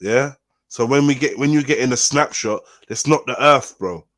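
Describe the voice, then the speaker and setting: A man's voice: mid-range voice, normal speed, fairly bright tone, dry recording. A man on a live podcast call, arguing casually and insistently, repeating himself and swearing. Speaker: podcast panelist.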